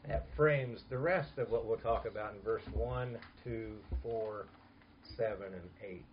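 A man's voice: lowish voice, unhurried, slight background noise. Earnest male preacher, muffled recording. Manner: earnest, emphatic preaching with soft asides. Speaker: pastor. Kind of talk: sermon.

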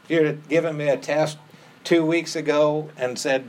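Male pastor, sermon, earnest, acts out quoted prayers, mid pitch, faint background noise. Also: flat delivery, normal speed.

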